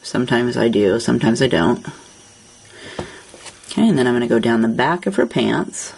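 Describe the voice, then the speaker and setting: A woman hosting a craft tutorial, calmly narrating each coloring step as she works. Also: rumbling low, normal speed, gravelly, slightly rough, poor audio.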